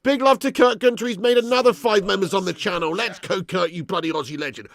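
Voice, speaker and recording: A young man hosting a live football watch-along, chatting and thanking viewers by name, with sudden bursts of excitement when chances come. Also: high voice, normal speed, gravelly, pauses often, no room sound, clean studio sound.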